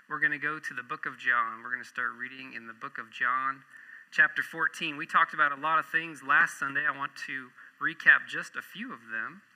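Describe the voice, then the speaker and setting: A middle-aged man preaching a sermon in a church, telling jokes and stories with an animated delivery. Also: a little high, low-quality recording. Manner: jokey, animated storyteller. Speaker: pastor.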